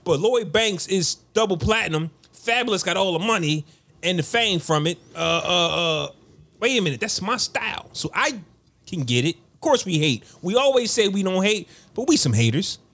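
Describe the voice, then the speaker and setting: A man's voice: sits high, expressive, moderate pace, a bit bright. A man co-hosting a casual music podcast, arguing his points and thinking aloud with repeated phrases. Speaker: podcast co-host. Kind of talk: casual chat.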